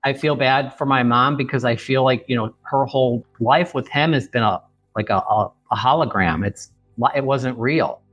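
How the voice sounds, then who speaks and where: A man in his fifties from the Chicago area, telling a family story as a guest on a podcast, earnest and halting. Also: mid-range voice, fairly bright tone, no echo, highs cut off, faint music behind. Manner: earnest, halting, many restarts. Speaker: author guest. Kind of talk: podcast interview.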